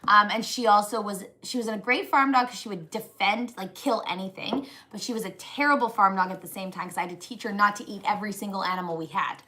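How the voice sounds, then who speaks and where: A woman from northern Canada co-hosting a casual homestead live stream, animated and laughing often with big swings in pitch. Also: fast, hardly any pauses. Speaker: co-host, homesteader wife.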